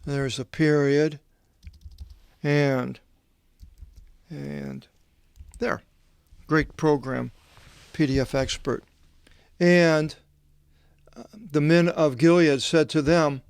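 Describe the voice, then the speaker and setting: A man, a Bible translator, reading scripture aloud with meandering, halting commentary and asides. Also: fairly high pitch, steady tone, vocal fry, smooth, dry recording.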